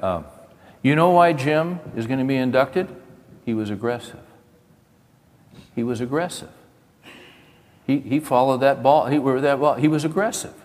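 A middle-aged man giving a folksy, repetitive talk in sermon style to a men's gathering, stopping to chat with people in the audience. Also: medium pitch. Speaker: speaker at a men's event. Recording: hall reverb.

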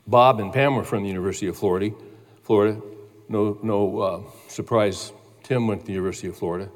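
A man preaching a sermon as pastor, telling a story in a casual, animated way. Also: fairly low pitch, fast, in a large hall. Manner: storytelling, animated when quoting others.

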